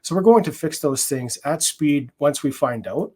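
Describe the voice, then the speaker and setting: A man's voice: fairly high pitch, animated, normal speed, a little mellow, slightly rough. A man working in product security, explaining his approach in a conference conversation, with frequent fillers and restarts.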